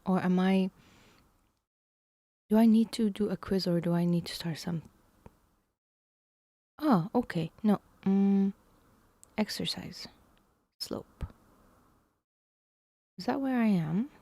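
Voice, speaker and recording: A woman's voice: mid-range voice, takes it slowly, pauses often, dark tone, dry recording. A woman live-streaming herself working through math lessons, musing aloud in a hesitant way and sometimes dropping to a whisper.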